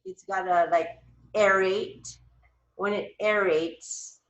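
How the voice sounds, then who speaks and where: Slow-talking chatty woman in an echoey room. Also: mid-range voice, steady tone, lo-fi sound. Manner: chatty, rambling, upbeat. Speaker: host of a live wellness chat. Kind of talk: casual chat. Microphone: video call.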